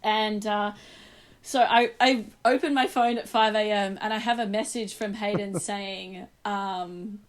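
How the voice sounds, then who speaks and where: A woman telling a story in casual chat, animated and laughing often. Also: medium pitch, unhurried.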